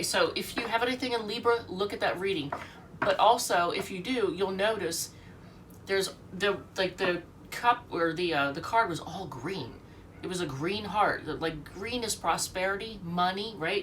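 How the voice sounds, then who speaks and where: A woman's voice: medium pitch, moderate pace, a bit bright, distant mic, slight background noise. Breathless woman doing a chatty tarot reading. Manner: rambling, chatty, reads card meanings aloud. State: sick, short of breath. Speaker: tarot reader. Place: home.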